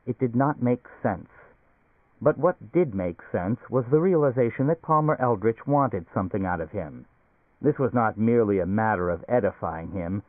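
A man reading a novel aloud as a steady, measured audiobook narrator. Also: lowish voice, no room sound. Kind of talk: scripted narration. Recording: tinny phone-like recording.

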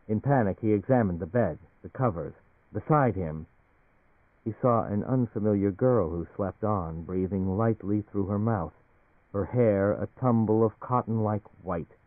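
A man narrating a novel in a measured, even storytelling manner. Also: lowish voice, dry recording. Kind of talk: audiobook novel reading on radio. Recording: tinny dry radio broadcast.

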